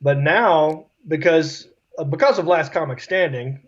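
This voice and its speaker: A middle-aged man, a comedian, telling stories on a video call in a relaxed, joking way. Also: on the high side, measured pace. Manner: laid-back, jokey storytelling with put-on voices. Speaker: guest comedian. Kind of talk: casual video-call interview. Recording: dull lo-fi call audio.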